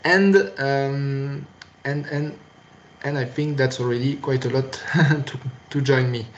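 A man's voice: mid-range voice, steady tone, takes it slowly, highs cut off, a little hiss or hum. French-accented male lecturer, hesitant delivery. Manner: hesitant, many fillers and restarts. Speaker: university lecturer. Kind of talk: recorded online lecture. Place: recorded for a lecture video.

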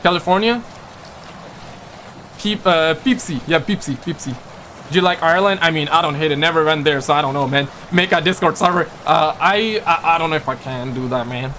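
A Pakistani man whose first language is Urdu chats casually on a live stream, joking, rambling, and using playful slang as he reads viewer comments aloud. His voice sits on the high side and sounds brisk, pushed, and bright, with slight background noise.

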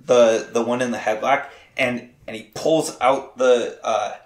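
A man running a tabletop game as game master, narrating haltingly with many fillers and restarts. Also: mid-range voice, steady tone. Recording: echoey room.

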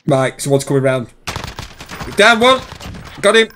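This young man calls out enemies in a lively, up-and-down voice and breaks into laughter often. He talks with his duo partner in a casual streaming chat, over a faint background hiss. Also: on the high side, measured pace. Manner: laughing often, excited callouts.

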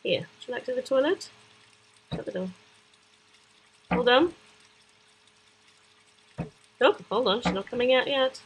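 A woman's voice: on the high side, a little slow, pauses often, husky, low-quality recording. A woman chattily narrating a children's app playthrough, talking to the little characters and adding sound-effect words. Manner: chatty, talking to toy figures, sudden excited squeals, sound-effect words. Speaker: kids' app demonstrator.

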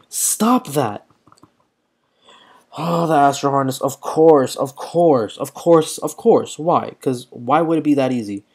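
A man's voice: a little high, animated, unhurried, a little mellow, slightly rough. A young man giving live commentary while playing a mobile fighting game, talking in slang and often exclaiming in frustration.

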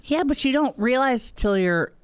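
A woman's voice: high-pitched, lively intonation, moderate pace, a little hiss or hum. A woman comedian guesting on a podcast, candid and self-deprecating, with frequent ums. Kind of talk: casual chat.

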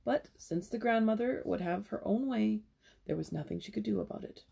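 A woman's voice: mid-range voice, normal speed, vocal fry, mellow, breathy edge. A young woman reading a children's novel aloud as a storyteller, with casual asides between passages.

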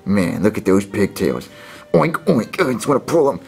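A man's voice: fairly low pitch, very animated, normal speed, gravelly, a little mellow, husky, faint music behind, exaggerated voice. A man doing a bratty taunting little boy. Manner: mocking, taunting and rude. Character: bratty rude young boy, first grader. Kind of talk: comedic puppet video voice acting.

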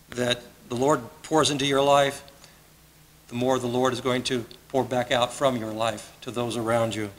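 Bright-voiced male pastor preaching. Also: medium pitch, rough recording. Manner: earnest, conversational preaching with repeated phrases. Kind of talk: sermon. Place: church sanctuary.

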